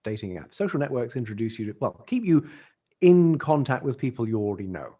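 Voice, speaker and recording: A man's voice: mid-range voice, very animated, fairly quick, dark tone, slightly rough. Chatty middle-aged Englishman. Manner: chatty, laughs often, restarts phrases. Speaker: podcast guest, dating industry expert. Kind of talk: casual interview talk.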